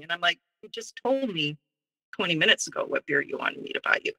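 A woman guest in an interview, telling a personal story in a lively way and acting out what others said. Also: medium pitch, brisk, rough recording. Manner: animated, acts out quoted dialogue.

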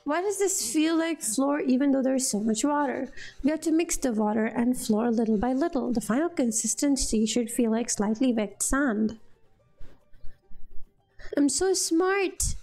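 A woman's voice: high-pitched, normal speed, dark tone, faint music behind. A woman giving casual gameplay commentary, exasperated and dramatic, laughing at her own struggles. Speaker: gamer playing through a cooking game.

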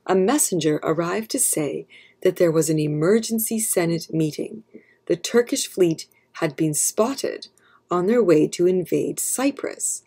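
A woman narrating an abridged classic play as a calm, steady read-aloud story for children. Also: fairly low pitch, breathy edge. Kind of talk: scripted narration.

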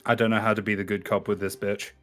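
A man's voice: lowish voice, flat delivery, quick pace, fairly bright tone, faint music behind. A young man playing a tabletop game, casual and joking. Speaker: player.

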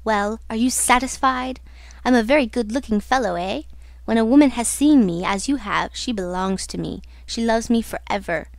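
A disfigured, tormented man of a gothic storybook, mocking one moment and crying out in anguish the next, as a woman reader puts him on. The voice sits fairly high and sounds dry and close. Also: moderate pace, no room sound, close to an everyday voice. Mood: mocking, bitter. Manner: alternates mocking taunts with anguished cries. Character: disfigured tormented man, raging and self-pitying. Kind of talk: audiobook reading.

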